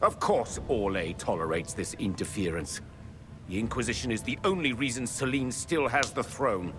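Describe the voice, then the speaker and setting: An actor playing a stern, cold male ambassador who makes sarcastic accusations, heard from a video game over loud music. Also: mid-range voice, normal speed, close to an everyday voice. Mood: accusing.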